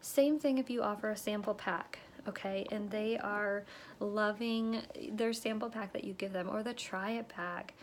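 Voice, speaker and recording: A woman's voice: steady tone, moderate pace, slight background noise. A woman giving a casual how-to talk on sales, checking in with her listeners and acting out the lines she uses with customers. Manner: chatty, checks in with "okay?", acts out her sales pitches. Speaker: direct sales consultant. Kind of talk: instructional talk to sales reps.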